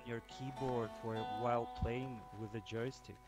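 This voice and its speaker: A man's voice: mid-range voice, flat delivery, moderate pace, darkish tone, soft background music. A man chatting with a fellow player over game voice chat, making dry, sarcastic jokes. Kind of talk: casual gaming chat over voice chat.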